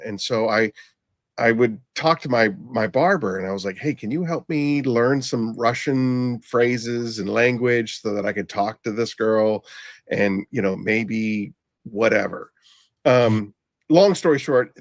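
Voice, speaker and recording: A man hosting a podcast, casually telling a rambling anecdote with halting restarts and free swearing. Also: mid-range voice, no echo. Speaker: podcast host. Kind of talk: casual storytelling chat.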